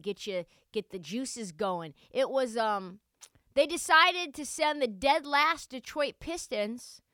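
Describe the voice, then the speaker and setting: A young woman hosting a solo sports podcast, talking in a sarcastic, animated, joking way. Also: mid-range voice, clear, resonant tone, no echo, clean studio sound. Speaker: podcast host.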